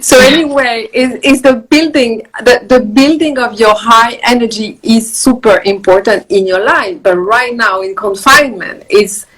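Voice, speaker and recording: A woman's voice: a little high, measured pace, hardly any pauses, a bit bright, rough recording. A woman with a French accent on a video call, talking earnestly about balance and meditation, repeating words as she goes. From France. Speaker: guest, wellness author. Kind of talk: casual video chat on meditation. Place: countryside home.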